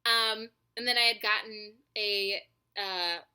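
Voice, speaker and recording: Bright-voiced young woman vlogging. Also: medium pitch, slow pace, smooth. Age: 20s. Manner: animated, profane, chatty with many fillers. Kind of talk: casual storytelling to camera.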